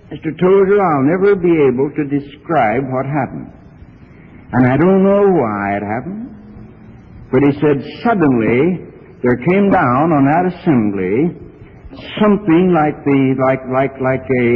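A man's voice: on the high side, animated, a little slow, slightly rough. A middle-aged male preacher telling a story in a church sermon, earnest and growing more fervent as he goes. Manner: earnest storytelling with rising fervor. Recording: archival sermon, phone-like and reverberant.

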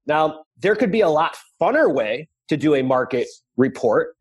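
A man's voice: fairly high pitch, big pitch swings, normal speed, breathy edge. A man hosting a casual podcast interview, blunt and swearing now and then. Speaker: podcast host.

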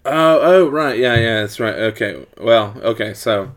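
A man in casual chat, retelling a horror movie plot in a rambling, animated way. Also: medium pitch, a little slow. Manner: rambling, animated storytelling with acted quotes.

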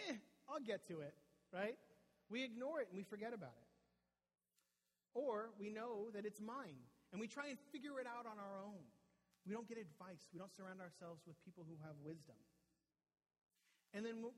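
A man's voice: high-pitched, long reverb tail, rough recording. A man preaching a sermon to a church audience in a casual, conversational way, often asking "right?" and restarting words. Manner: conversational, frequent tag "right?", repeats words when restarting. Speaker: pastor. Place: church hall with a live audience.

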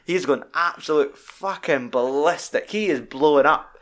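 A man's voice: fairly high pitch, measured pace. Sweary man recapping a film. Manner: animated storytelling, sweary, quoting scenes in put-on voices. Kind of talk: casual film chat.

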